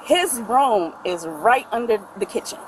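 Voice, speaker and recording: A woman's voice: a little high, animated, measured pace, a little hiss or hum, low-quality recording. A middle-aged woman recounting a family fight to a police officer, talking at length and quoting what everyone said, caught on a body camera. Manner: talkative, retells quoted dialogue at length. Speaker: mother making a police report.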